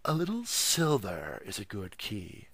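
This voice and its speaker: A man voicing a gruff, grasping male gatekeeper in a storybook reading, roaring and mocking. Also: fairly low pitch, wildly swooping pitch, unhurried, a bit bright, dry recording, exaggerated voice.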